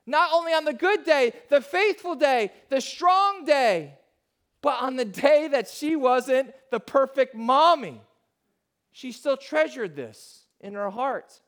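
Slowly and expressively, a high-voiced man preaches as a pastor, confessing personal matters to his congregation with deep feeling. He sinks almost to a whisper, then swells back up to full volume.

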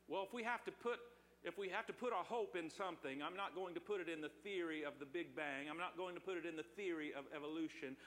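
High-voiced pastor preaching in church. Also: male voice, a bit bright, big-room sound. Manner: preaching with call-and-response to congregation. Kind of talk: sermon. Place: church sanctuary.

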